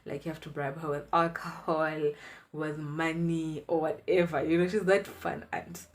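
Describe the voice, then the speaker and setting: Woman in her twenties, low-pitched, casual storytime vlogger, chatty and animated. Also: moderate pace. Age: 20s. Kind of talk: storytime vlog.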